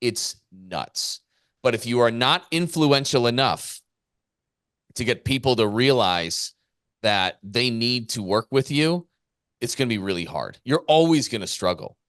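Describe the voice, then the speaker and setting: A male business coach talking on a casual podcast. He speaks in an emphatic, fired-up way and hammers points home by repeating them. His voice sits at a middle pitch with a dry, close sound. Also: expressive, measured pace, fairly bright tone, no room sound.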